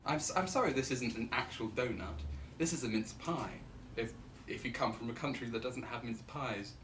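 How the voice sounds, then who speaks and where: A man's voice: mid-range voice, moderate pace, a bit bright, a little hiss or hum. A young man casually explaining a philosophy idea on his vlog, playful and rambling, repeating words for effect.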